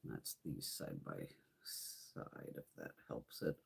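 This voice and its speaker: On a makeup livestream, a woman in her fifties chats casually at a slow pace, telling blunt, profane stories. She laughs frequently and responds to viewer comments.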